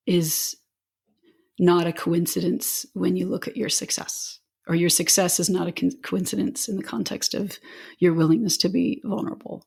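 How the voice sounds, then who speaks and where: A woman's voice: fairly low pitch, vocal fry, darkish tone, slightly rough. A woman co-hosting a podcast, reflective and encouraging as she responds to her guest. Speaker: podcast co-host. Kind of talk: conversational interview.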